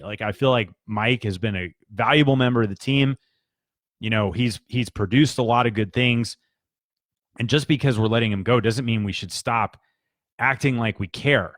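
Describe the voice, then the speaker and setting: Man, mid-pitched, earnest storyteller, casual with fillers, dry close sound. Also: normal speed, a bit bright, dry recording. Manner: earnest, conversational with restarts and fillers. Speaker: business speaker.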